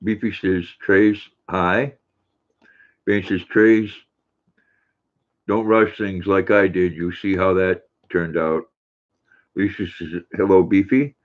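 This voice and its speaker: Older man, deep voice, tinny phone sound. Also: steady tone, slow pace, pauses often. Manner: folksy, warm with his dog, chatty. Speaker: livestream host. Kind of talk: reading viewer chat aloud on a livestream.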